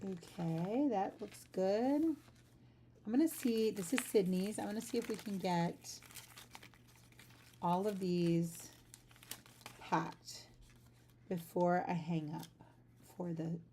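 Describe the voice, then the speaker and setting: Woman, chatty livestream host, warm mellow tone, sleepy, faint background hiss. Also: lowish voice, slow pace, pauses often. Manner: chatty, rambling, talks to viewers. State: sleepy, just up. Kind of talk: casual livestream chat while packing orders. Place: home art studio.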